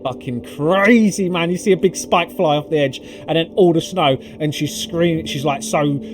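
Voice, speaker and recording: A man's voice: fairly high pitch, normal speed. A man recapping a video game climb in casual commentary, swearing often and full of fillers. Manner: excitable and profane, swearing freely with lots of fillers. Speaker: gaming video creator. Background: background music.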